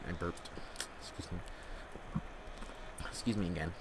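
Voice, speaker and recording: A man's voice: low voice, fairly even intonation, unhurried, background noise. A young man telling a long, rambling story with many restarts while playing a game, on a headset mic. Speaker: storyteller and gamer.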